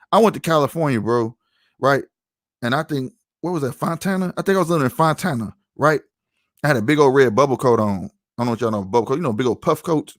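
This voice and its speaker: St guy on a podcast, slangy storytelling, dry close sound, mid pitch. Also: dry recording. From St. Louis, USA. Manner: slangy, storytelling, lots of "you know what I'm saying". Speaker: podcast host. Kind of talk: casual podcast chat.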